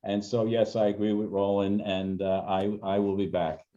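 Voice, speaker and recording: Older guy, low mellow voice, reflective stories, dull lo-fi sound. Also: little pitch movement, normal speed, a little hiss or hum. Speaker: guest, senior consultant. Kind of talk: casual interview answers.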